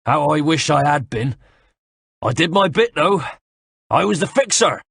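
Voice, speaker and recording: Gruff taunting West Country soldier-fixer, raised and raspy , voiced by a man. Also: a little high, animated, unhurried, fairly bright tone, no echo, clean studio sound, pitched above the performer's own voice, exaggerated voice. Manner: sneering, taunting. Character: gruff middle-aged male soldier-fixer, sneering, wheezing. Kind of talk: audiobook character voice.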